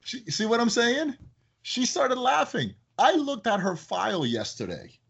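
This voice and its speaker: A man who owns a business, chatting in a casual podcast and telling animated stories that act out his phone calls. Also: very high-pitched, a little slow, gravelly, slightly rough. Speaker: business owner, guest.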